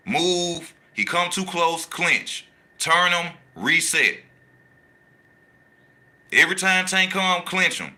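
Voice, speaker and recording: Bright-voiced man hyping a fight. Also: on the high side. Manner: animated, slangy, repeats his points for emphasis. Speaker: boxing channel host. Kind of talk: casual boxing talk, reading live chat.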